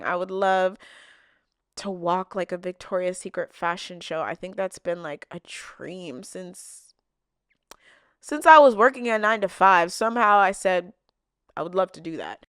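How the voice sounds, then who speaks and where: A young woman talks straight to her viewers in a loose, heartfelt way, full of "like" and "you know." Her voice is smooth and clear. The sound is close and dry, with no room around it. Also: medium pitch, fairly bright tone, no room sound. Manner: chatty, emotional, lots of likes and fillers. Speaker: vlogger answering viewer questions. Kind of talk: casual heartfelt chat to camera.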